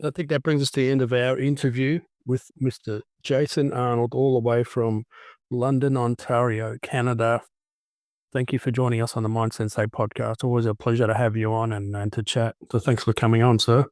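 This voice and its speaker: A man hosts a casual podcast chat, full of jokes and long anecdotes. His voice sits at an ordinary middle pitch. The sound is dry and close. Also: little pitch movement, fairly quick, darkish tone, no echo. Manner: jokey, tells long anecdotes. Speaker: podcast host.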